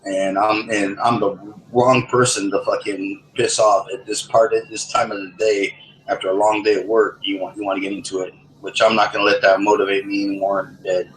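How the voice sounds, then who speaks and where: A man's voice: on the low side, level tone, a little fast. A man telling an angry, profane story in casual chat, stammering and restarting as he goes. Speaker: gamer in a voice lobby. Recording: echoey room, faint background noise.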